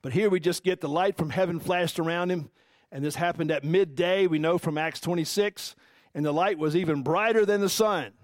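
A male pastor giving a relaxed, chatty Bible lesson, asking his listeners questions as he goes. His voice sits a touch higher than most men's, and the sound is dry and close, with no room echo. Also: moderate pace. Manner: conversational, animated, asks the audience questions. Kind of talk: casual Bible-teaching sermon.

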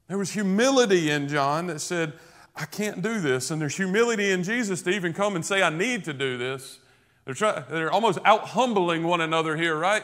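A man's voice: on the high side, fairly bright tone. A man preaching a sermon, emphatic and rising in volume on key points, with conversational asides to the listeners. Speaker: pastor.

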